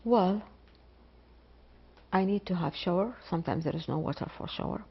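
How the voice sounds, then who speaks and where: A middle-aged woman from Iraq, a biology professor speaking slowly and haltingly in an interview, with pauses and repetitions. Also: lowish voice, creaky, husky. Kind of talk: interview testimony. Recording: dull lo-fi interview recording.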